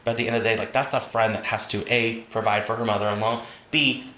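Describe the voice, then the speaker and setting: A man's voice: lowish voice, fairly even intonation, quick pace, sharp tone. A man leading a training class for realtors, telling stories and acting out the voices of the people in them. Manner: storytelling, acts out quoted voices. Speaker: real estate trainer. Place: training room. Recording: roomy room with faint noise.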